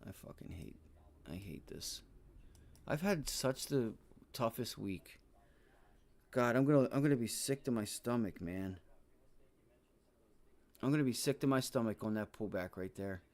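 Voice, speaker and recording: A man streaming his live trading, frustrated and swearing heavily, with shouted outbursts and stretches of low muttering to himself. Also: moderate pace, long pauses. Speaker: day trading livestreamer.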